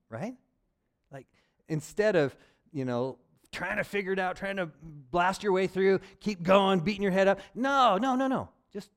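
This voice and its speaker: A man preaching a sermon as a pastor, passionate and swinging between loud urgency and quiet intimacy. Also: a little high, lively intonation, unhurried.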